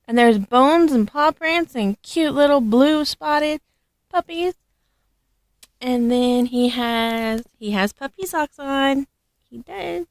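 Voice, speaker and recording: A woman showing off her doll collection in a casual vlog, gushing and affectionate, with frequent soft laughs. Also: sits high, slow, dry recording. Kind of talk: casual show-and-tell vlog.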